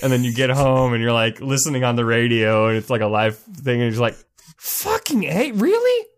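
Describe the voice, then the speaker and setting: A podcast co-host talking in quick casual chat, full of "like"s. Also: mid-range voice, level tone, smooth. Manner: quick, filler-heavy chatter with many "like"s.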